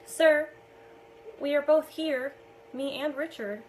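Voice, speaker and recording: An earnest, anxious young settler boy with a fairly high voice, read by a woman. He speaks in a pleading, heartfelt way. Faint room hush sits behind the reading. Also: slow, a little hiss or hum, poor audio. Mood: urgent.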